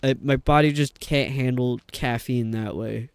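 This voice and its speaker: A man's voice: mid-range voice, fairly even intonation, unhurried, clear, resonant tone. A man from New York with a New York accent, chatting and rambling casually while streaming a game. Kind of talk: casual chat while gaming.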